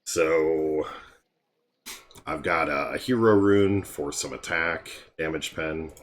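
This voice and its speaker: Very deep, slow, tired-sounding man. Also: a little hiss or hum. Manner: relaxed, meandering, with many ums and asides. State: tired and yawning. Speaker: game guide creator. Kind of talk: casual game walkthrough commentary.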